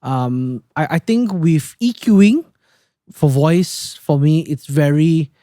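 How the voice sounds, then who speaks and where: A man talks through sound mixing in a casual, thoughtful way, often pausing and restarting. His voice sits a little high, with a mellow, warm tone. The recording is close and dry. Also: no room sound. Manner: thoughtful, hesitant with fillers and restarts. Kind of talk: casual technical chat.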